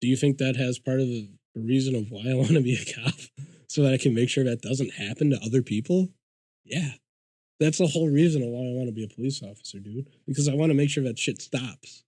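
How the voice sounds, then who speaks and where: He's a quick-talking podcast guest with a mid-range voice, telling a profane, lively story and acting out what others said in a casual conversation. There's no room tone on the dry recording.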